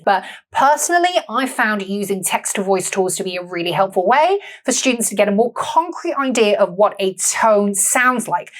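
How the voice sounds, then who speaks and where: A woman teaching English literature in an upbeat, clear, explanatory video lesson. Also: mid-range voice.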